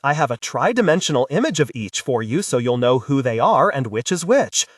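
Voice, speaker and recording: A man's voice: mid-range voice, big pitch swings, a little fast, no echo, clean studio sound, far from the mic. A man voicing a blunt, businesslike male boss of a space service in an audiobook. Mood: briefing.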